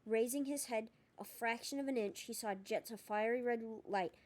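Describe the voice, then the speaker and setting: A woman's voice: fairly high pitch, moderate pace. Woman reading a novel aloud. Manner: steady, expressive narration with small slips. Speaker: audiobook reader.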